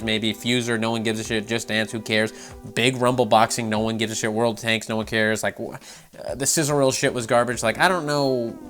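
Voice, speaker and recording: A man's voice: medium pitch, fairly bright tone. A man giving casual, sarcastic commentary on gaming news, swearing freely and laughing often.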